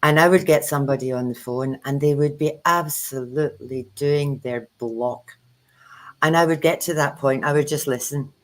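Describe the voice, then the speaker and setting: A woman's voice: deep voice, normal speed, rough recording. A woman co-hosting a spiritual chat, telling stories in a casual way and acting out the dialogue she quotes. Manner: animated storyteller who acts out quoted dialogue.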